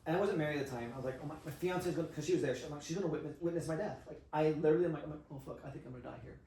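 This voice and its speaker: A man telling a personal story in casual conversation, animated and swearing freely. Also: fairly high pitch, racing, gravelly. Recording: roomy, distant mic.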